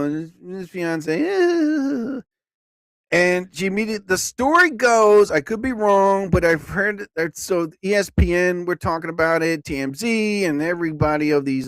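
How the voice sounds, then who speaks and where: A man hosting a live comedy stream. He rambles through a story in an animated way and laughs at his own jokes. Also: high voice, normal speed, smooth, no echo, studio quality.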